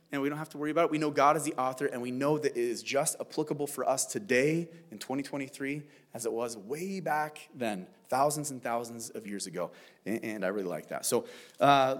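A middle-aged man preaches to his church, his voice sitting a little high for a man. He teaches in a loose, conversational way and keeps the sermon animated with playful asides. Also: normal speed. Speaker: pastor.

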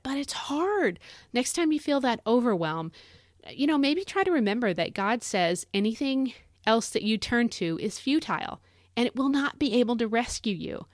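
A woman's voice: mid-range voice, no room sound, clean studio sound. A middle-aged woman hosting a devotional Bible talk in a chatty, conversational way. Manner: chatty, conversational with many fillers. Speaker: podcast host.

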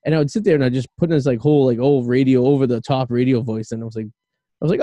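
A man's voice: mid-range voice, fairly even intonation, fast, dark tone, no room sound. A man in his late thirties hosting a podcast, chatting casually and rambling a bit in a self-deprecating way, with lots of "you know" and "I mean". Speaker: podcast host. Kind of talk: casual chat.

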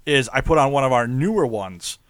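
A man's voice: medium pitch, expressive, brisk, dry recording. A man co-hosting a podcast in casual chat, jokey and laughing often. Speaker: podcast co-host.

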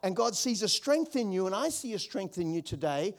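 A man preaching with an Australian accent and a strikingly high voice for a man. He drives his points home through repeated refrains and mixes in joking asides as he talks to his congregation. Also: sing-song, brisk. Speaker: pastor. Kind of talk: sermon. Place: church auditorium.

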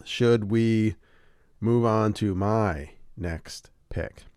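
Male podcast co-host, low voice, dry close sound, easygoing chat. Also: drawn-out words, darkish tone, clear, resonant tone, dry recording. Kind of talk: casual chat.

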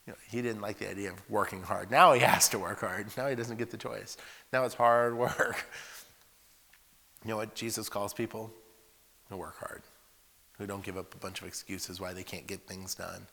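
A man preaching to young people, telling lively stories and asking rhetorical questions. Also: fairly low pitch, normal speed, gravelly. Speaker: preacher at a youth school and camp. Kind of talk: sermon with acted voices. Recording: echoey hall reverb.

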